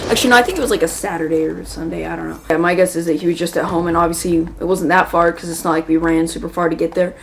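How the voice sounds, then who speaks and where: A woman's voice: fairly low pitch, steady tone, very fast, creaky, few pauses, slight background noise. A woman hosting a gaming video, telling a rambling, chatty story while she plays and breaking off to react to the game. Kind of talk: casual storytelling while playing a shooter game.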